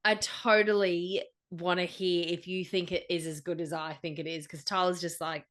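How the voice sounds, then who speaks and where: A woman co-hosting a casual podcast. Her voice sits a little low but sounds bright and forward. She gushes eagerly about the movies she loves. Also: little pitch movement, normal speed, hardly any pauses. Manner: enthusiastic, gushing about films. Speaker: podcast co-host. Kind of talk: casual chat.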